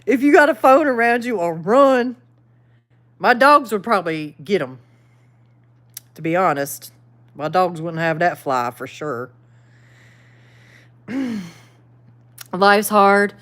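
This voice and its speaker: A woman's voice: medium pitch, expressive, slow pace, pauses often, a bit bright. A woman with a Southern US accent who hosts a channel and chats casually while reading live comments. She is self-deprecating, laughs often and says y'all. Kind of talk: casual livestream chat.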